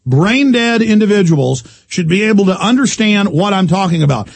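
Man, radio host, ranting monologue, husky, dry close sound. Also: sits high, expressive, moderate pace, no room sound. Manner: emphatic, repetitive, ranting. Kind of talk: heated talk-radio monologue.

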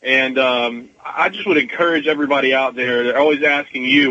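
A man's voice: medium pitch, a little fast, pushed and bright, dry recording. A man calling in to a radio show, speaking earnestly and hesitantly with many fillers. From Texas. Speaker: caller. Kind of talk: phone-in call. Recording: lo-fi phone line.

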